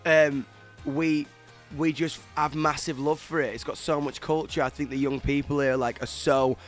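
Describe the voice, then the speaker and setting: A young man from northern England with a northern English accent, chatting excitedly as a guest in a casual interview and repeating himself as he talks. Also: fairly high pitch, normal speed, faint music behind. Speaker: guest musician.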